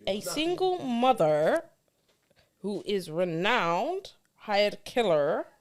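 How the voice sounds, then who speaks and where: A woman reading a short passage in a put-on Bajan accent, slow and halting as she tries to hold it. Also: medium pitch, sing-song. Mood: sheepish. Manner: slow, halting, breaking into laughter.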